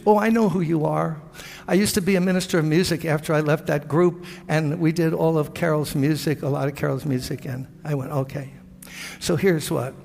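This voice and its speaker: An older male pastor preaching with earnest storytelling, acting out the prayers and conversations he recounts. His voice is gravelly and sits somewhat high for a man. It carries a long reverb from a large church hall. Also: fairly even intonation, fairly quick, a little mellow. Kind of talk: sermon.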